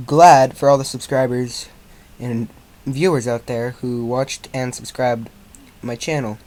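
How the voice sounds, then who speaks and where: Slow-reading man, halting. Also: mid-range voice, a little mellow. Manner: slow, halting, with slips and restarts. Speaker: fan fiction reader. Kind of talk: amateur story reading.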